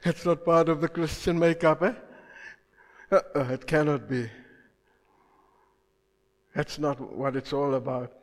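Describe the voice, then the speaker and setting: A man preaching a sermon who keeps asking his congregation questions and swings between loud emphasis and quiet asides. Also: on the high side, steady tone, unhurried, pauses often, big-room sound. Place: church.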